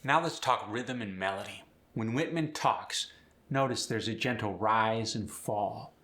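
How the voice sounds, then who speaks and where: Bright-voiced male accent coach. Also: fairly low pitch, measured pace. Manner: explanatory, demonstrative, casual. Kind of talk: pronunciation tutorial.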